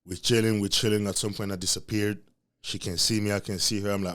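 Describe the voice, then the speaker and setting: Podcast host, young man from Africa, lowish voice, animated profane storyteller. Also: fast. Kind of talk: storytelling rant.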